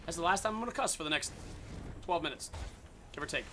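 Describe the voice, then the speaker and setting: A man giving excited, casual commentary on his own gameplay, swearing and yelling at the game. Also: fairly high pitch, quick pace, a little hiss or hum. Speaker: gaming video host.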